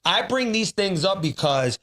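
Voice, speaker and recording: A man's voice: high voice, animated, a little slow, fairly bright tone. A man on a podcast talking earnestly about changing habits, preachy, dropping in Spanish phrases. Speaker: podcast host. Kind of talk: casual podcast chat.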